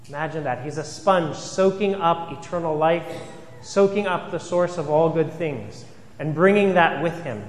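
A fairly high-voiced man preaches an earnest sermon, leaning on rhetorical questions and repetition. His voice carries through a reverberant church, with a long tail of echo after each phrase. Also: normal speed. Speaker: priest.

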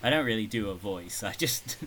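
A man's voice: fairly low pitch, expressive, a little fast, background noise. A man hosting a podcast, bantering casually and laughing a lot. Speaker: podcast host.

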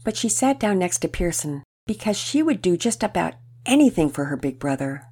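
A woman reading a children's story aloud in an expressive, storytelling way. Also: fairly low pitch, moderate pace, few pauses, breathy edge.

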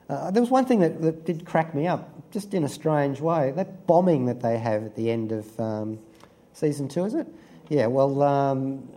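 A man's voice: medium pitch, dark tone. A man giving an amused, rambling review in a casual chat, full of fillers and asides.

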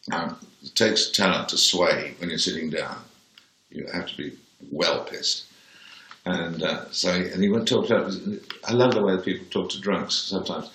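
A very low-pitched Englishman in his seventies speaks with a plummy accent. He tells anecdotes in a dry, blunt way, and his voice rings in an echoey room. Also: moderate pace, sharp tone. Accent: posh English, Birmingham-born. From England. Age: 70s. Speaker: interview guest. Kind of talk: anecdotal interview.

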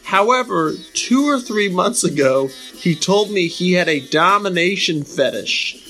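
A man with a high, bright voice reads listener questions on a comedy podcast. He is sheepish and hesitant, and faint music plays underneath. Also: lively intonation, poor audio. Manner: hesitant, sheepish, quick to laugh. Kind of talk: casual comedy podcast banter.

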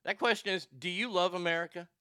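High-voiced ranting man, crisp and dry. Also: quick pace, sharp tone, dry recording. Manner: profane, ranting, reads chat comments aloud. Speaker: talk show host. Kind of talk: casual live-stream rant.

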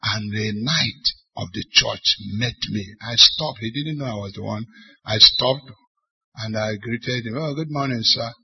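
A middle-aged man with a Nigerian accent preaches to church leaders. His slightly husky voice pushes hard on key words with sudden loud bursts, and he keeps firing rhetorical questions at the congregation. The recording is dull and lo-fi, with muffled highs. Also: a little slow. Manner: bursts into loud, forceful stresses. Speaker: bishop.

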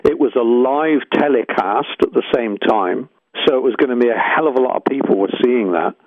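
Brief: male musician guest, halting and reflective, tinny phone-quality recording. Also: medium pitch, no echo. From England. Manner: hesitant, searching, many restarts. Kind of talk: reflective interview storytelling.

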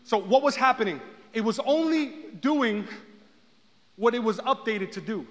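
A man preaching a sermon as pastor, swinging from hushed talk to shouted passages. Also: very high voice, animated, measured pace. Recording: long hall reverb.

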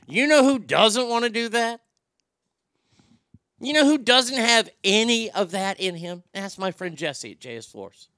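A man's voice: high-pitched, animated, measured pace, sharp tone, no room sound, clean studio sound. A man hosting an irreverent comedy show, rambling and swearing freely with crude jokes. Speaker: host.

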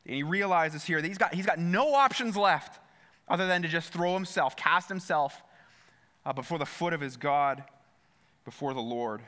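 A man preaches to a congregation with a bright, forceful voice sitting a little above the usual male pitch. He talks earnestly, repeats his key phrases and turns often to the listeners with direct questions. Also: lively intonation, moderate pace. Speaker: pastor. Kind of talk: sermon.

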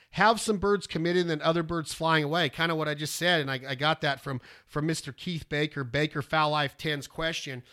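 A man, teaching duck calling in a rambling, folksy way, breaking into loud duck calls. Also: fairly high pitch. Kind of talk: casual instructional talk.

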